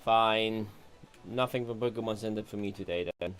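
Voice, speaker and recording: A man's voice: fairly low pitch, fairly even intonation, moderate pace, fairly bright tone, clean tone, faint music behind. A man giving casual commentary while playing a video game, thinking aloud and muttering to himself. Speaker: gameplay streamer.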